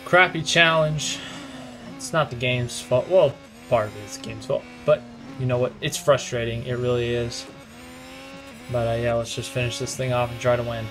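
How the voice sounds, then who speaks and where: A young man commentating his own racing game run, frustrated and ranting in quick outbursts. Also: medium pitch, fairly even intonation, over music. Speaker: gaming commentator. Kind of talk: live gameplay commentary.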